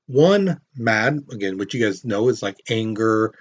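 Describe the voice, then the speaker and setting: A man's voice: fairly low pitch, animated, unhurried, dull audio. Casual storytelling history teacher, man. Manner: storytelling with acted-out quotes and questions to students. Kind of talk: casual classroom lecture.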